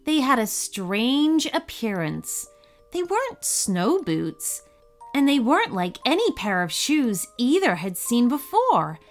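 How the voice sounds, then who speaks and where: A woman narrating a children's Christmas story in an expressive storybook reading. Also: mid-range voice.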